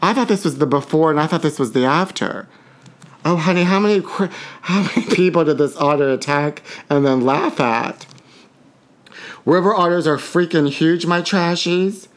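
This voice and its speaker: A man's voice: fairly high pitch, normal speed. A man hosting a podcast, reading celebrity gossip aloud with sassy asides. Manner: reads tabloid items aloud with sassy asides and giggles. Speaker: podcast host. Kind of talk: campy gossip commentary.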